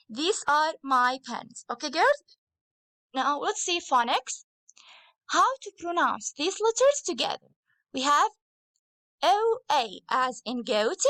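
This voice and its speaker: A woman teaching an English lesson at a slow, careful pace, saying each example twice. Her voice sits high, and the sound is dry and close. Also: a bit bright, no echo. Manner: slow, patient, repeats each phrase for pupils. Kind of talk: recorded English grammar and phonics lesson.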